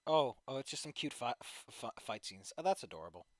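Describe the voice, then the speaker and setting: A tired man reading fan fiction aloud into a desk microphone, ranting and swearing, sliding from low tired mumbles to loud yelling. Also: very animated, brisk, dry recording, clean studio sound. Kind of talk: casual live reading and commentary.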